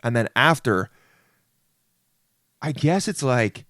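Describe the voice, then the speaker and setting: A man's voice: mid-range voice, animated, slow pace, a bit bright, dry recording, studio quality. A young man hosting a podcast, delivering a rambling comedic solo monologue, often interrupting himself and saying "dude.". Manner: rambling, self-interrupting, says "dude" a lot. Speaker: podcast host.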